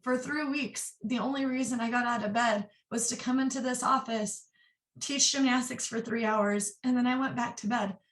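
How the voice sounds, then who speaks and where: A woman in her twenties, an interview guest, sharing a personal story candidly and earnestly, in quick bursts. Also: on the high side, steady tone, a bit bright. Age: 20s. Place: office. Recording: roomy echo, distant mic.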